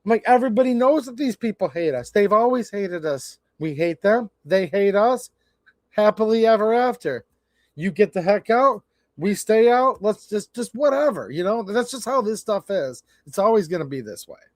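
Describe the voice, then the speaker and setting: A man's voice: high voice, expressive, moderate pace, no echo, clean studio sound. A man in his forties hosting a livestream, rambling and stammering in a blunt, frustrated way. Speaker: livestream host. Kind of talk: casual livestream rant.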